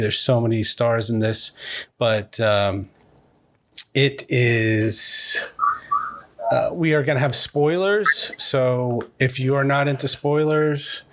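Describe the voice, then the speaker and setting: A man from Massachusetts hosting a podcast, talking casually and rambling, often correcting himself mid-sentence. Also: mid-range voice. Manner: chatty, rambling, self-correcting. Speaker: podcast host. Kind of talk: casual chat.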